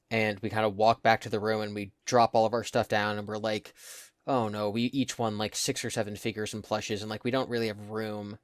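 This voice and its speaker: A man's voice: fairly low pitch, smooth, no room sound, clean studio sound. A young man co-hosting a casual podcast, telling stories in an easygoing way and stretching words out to make a point. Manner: easygoing, drawls words out when making a point. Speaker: podcast co-host. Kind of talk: casual storytelling chat.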